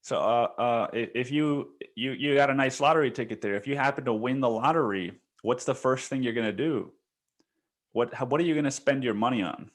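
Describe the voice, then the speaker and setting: A man's voice: mid-range voice, a little fast, voice pushed up, natural voice. A man voicing a hesitant, polite woman TV street reporter who stammers and fumbles her questions. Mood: awkward.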